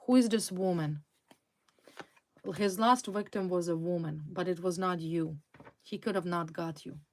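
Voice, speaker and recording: Woman tarot reader, slow, fairly low voice, intense, repeats words. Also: darkish tone. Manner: intense, repetitive, dramatic emphasis. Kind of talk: tarot reading to viewers.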